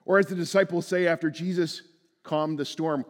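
Man, pastor, sermon, earnest, hushed to emphatic, repeats words, fairly high voice, reverberant sanctuary. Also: fairly even intonation, moderate pace. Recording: long reverb from a large room.

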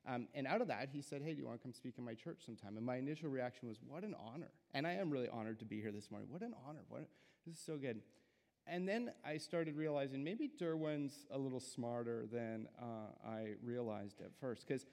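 A man's voice: medium pitch, brisk, darkish tone. A young adult man giving a guest sermon in a church, casual and self-deprecating, with plenty of filler words. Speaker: guest preacher. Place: church sanctuary. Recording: church hall with long reverb.

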